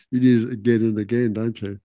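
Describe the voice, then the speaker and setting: Aussie guy, laid-back teaching chat, mellow darkish voice, dry close sound. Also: medium pitch, normal speed, no echo, highs cut off. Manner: relaxed, laughing asides, acts out quotes. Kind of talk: casual teaching talk.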